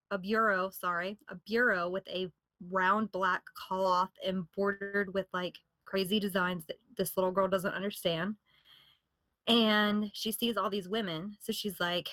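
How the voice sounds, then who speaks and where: A woman's voice: mid-range voice, steady tone, unhurried, fairly bright tone, dry recording. A woman podcast host in casual storytelling, retelling and reading from a book, conversational with fillers and self-corrections.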